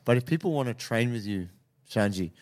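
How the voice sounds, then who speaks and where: A man hosting a podcast, chatting casually and thanking his guest warmly. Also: medium pitch, expressive, normal speed. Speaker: podcast host. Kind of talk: casual interview chat.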